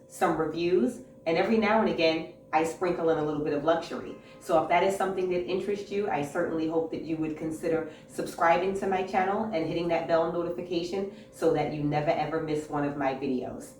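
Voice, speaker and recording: A woman's voice: sits low, fairly quick, hardly any pauses, a little mellow. A woman hosting a casual fashion haul vlog, talking enthusiastically to camera with a few fillers and repeats, in an indoor room with a clothing rack. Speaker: fashion vlogger, channel host. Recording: roomy echo, distant mic, faint hiss.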